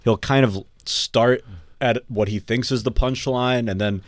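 A man's voice: medium pitch, steady tone, a little slow, no echo, studio quality. A man telling rambling anecdotes in a casual comedy chat, full of fillers. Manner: rambling anecdotes with many likes.

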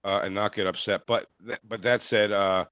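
A man's voice: lowish voice, steady tone, normal speed, a bit bright, smooth, dry recording. A man co-hosting a podcast in casual chat, rambling and hesitant with lots of fillers. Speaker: podcast co-host.

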